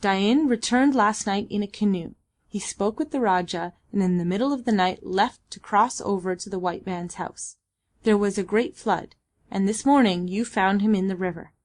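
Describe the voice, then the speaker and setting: A woman's voice: medium pitch, normal speed, lightly acted. A woman voicing a shrewd old male advisor in an audiobook, speaking sharply and urgently. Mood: commanding.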